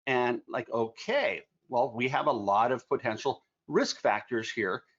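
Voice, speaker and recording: Male lecturer, 50s, mid-pitched, enthusiastic clinical explainer, slightly lo-fi recording. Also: a little slow, a bit bright. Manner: explanatory, enthusiastic, folksy asides. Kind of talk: medical presentation with slides. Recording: slightly dull lo-fi sound.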